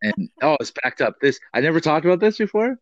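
A man's voice: a little high, sing-song, fast talker, no echo, highs cut off. A man in casual chat, telling a rambling story with swearing and teasing his co-host.

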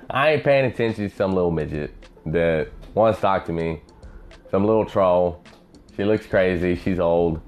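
A podcast host with a low voice rambles through profane stories in a casual monologue, acting out voices as he goes. The highs in the audio are cut off.

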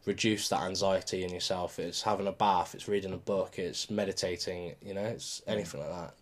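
A man's voice: deep voice, steady tone, fairly quick. A man co-hosting a podcast, talking through advice in a casual, reflective way. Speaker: podcast co-host. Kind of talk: casual chat.

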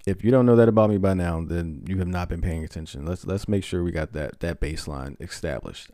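Low-voiced dude running his podcast, joking, opinionated, trips over words, dry sound. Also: brisk, hardly any pauses, dark tone, dry recording. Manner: opinionated and joking, with stumbling restarts. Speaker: podcast host. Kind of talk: casual podcast monologue.

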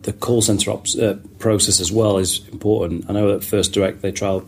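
A man in a casual podcast discussion who restarts his sentences as he works through a point. His voice is fairly low. A faint background hiss runs under it. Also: fairly even intonation, fairly quick, creaky. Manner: thinking aloud, restarts often. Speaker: podcast co-host.

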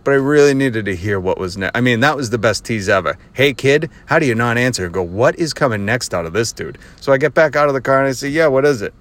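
A man's voice: mid-range voice, lively intonation, fast talker, hardly any pauses, a bit bright. A man hosting his own podcast, telling a casual story with a lot of sarcasm and frequent laughter, recorded while driving. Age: adult with children. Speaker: podcast host. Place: driving in a car.

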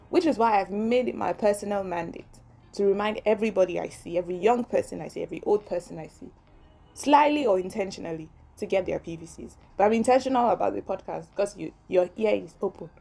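Nigerian woman, young adult, solo podcast host; chatty, ranty, quick to laugh. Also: medium pitch, vocal fry, darkish tone. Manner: chatty, ranting, laughs often. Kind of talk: casual solo podcast monologue.

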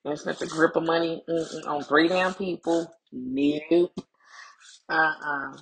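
A woman in her thirties hosts a casual podcast from home, talking frankly and laughing often, with plenty of slang and cursing. Her voice is on the low side and gravelly. She sits a little back from the mic, so the room around her comes through with a roomy echo. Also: fairly even intonation, takes it slowly, fairly bright tone, recorded from a distance. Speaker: podcast host. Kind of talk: casual chat.

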